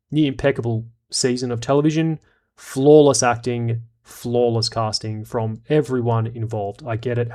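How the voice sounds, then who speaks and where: A man's voice: mid-range voice, a little mellow. A man giving casual commentary on a TV show and reading viewer comments, rambling and frank, with plenty of swearing.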